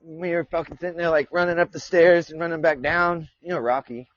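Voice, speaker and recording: A man's voice: a little high, steady tone, fairly quick, fairly bright tone, dry recording. A male podcast host chatting casually on a live stream, rambling, cursing and laughing often as he talks. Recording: dull lo-fi sound.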